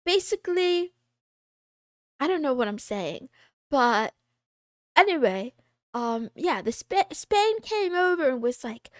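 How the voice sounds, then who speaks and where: A woman in her twenties chatting on a livestream, rambling from thought to thought and poking fun at herself between giggles. Her voice sits high. The sound is close and dry, with no room around it. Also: big pitch swings, slow, pauses often, no room sound. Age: 20s. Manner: rambling, giggly, self-deprecating. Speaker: streamer. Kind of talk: casual livestream chat.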